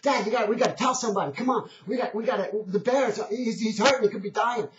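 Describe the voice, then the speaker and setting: A man's voice: sits high, quick pace, slight background noise, voice pushed up, close to an everyday voice. A man doing a frantic little boy. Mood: pleading. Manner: urgent, breathless pleading. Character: young boy, pleading and upset. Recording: dull, echoey old recording.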